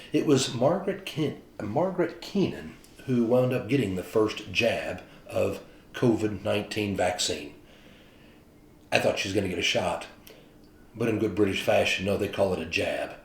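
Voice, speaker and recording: A man's voice: fairly low pitch, a little slow, echoey room. A man, a pastor, telling stories in a casual, chatty devotional talk. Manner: chatty storytelling, animated retelling.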